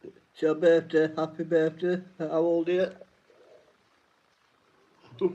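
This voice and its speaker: A man's voice: a little high, monotone, takes it slowly, long pauses, dark tone. A man hosting a live-stream trivia night, reading each question twice and greeting chat viewers by name. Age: adult. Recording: dull lo-fi stream audio.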